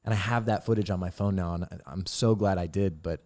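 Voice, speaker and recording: Animated storytelling man. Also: deep voice, fast talker. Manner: animated, swears freely, acts out quotes loudly. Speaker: actor interviewee. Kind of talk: casual storytelling interview.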